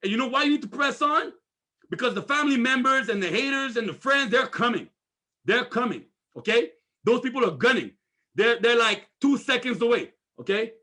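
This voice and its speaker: A man giving an energetic motivational sales training, repeating himself and firing off rhetorical questions. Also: extremely high pitch, a little fast.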